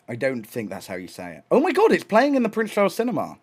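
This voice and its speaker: A young man chatting casually on a live stream, excitable and rambling, swearing often and restarting his sentences. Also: high voice, quick pace, husky.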